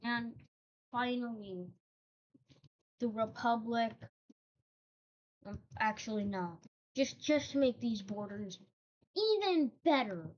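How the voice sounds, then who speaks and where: A woman's voice: on the high side, takes it slowly, long pauses, dull audio. A woman casually narrating over a map, hesitant, with frequent ums and self-corrections.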